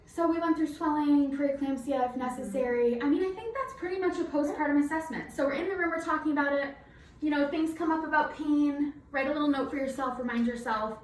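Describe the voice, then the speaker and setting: Night nurse lady teaching a sim, kinda breathless behind a mask, chatty with lots of um and like, higher voice, faint hiss. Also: fairly quick. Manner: chatty, informal, with frequent fillers. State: slightly out of breath, talking through a face mask. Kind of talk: teaching a nursing simulation. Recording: roomy echo, mic at a distance.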